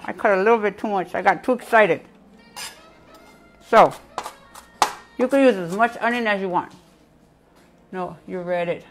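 A woman's voice: medium pitch, moderate pace, long pauses, soft background music. A woman hosting a casual live cooking show, chatty and giggly, talking to her viewers with a piece of bread in her mouth.

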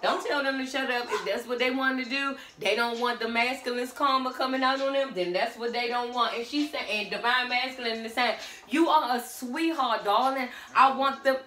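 A woman's voice: on the high side, sharp tone. A woman giving a blunt, sassy tarot reading in casual chat. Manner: sassy, blunt, talks back to the cards. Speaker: tarot reader. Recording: roomy echo with faint music.

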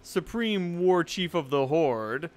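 A man's voice: fairly high pitch, animated, slow pace. A man giving casual let's-play commentary, rambling and joking with frequent swearing. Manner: rambling, profane, jokey. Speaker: game commentator.

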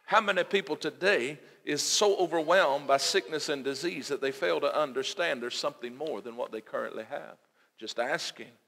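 A man's voice: a little high, moderate pace, gravelly, fairly bright tone. A man preaching a sermon as pastor, building emphatic repeated lines. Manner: preaching with rising, emphatic repetition. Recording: long hall reverb.

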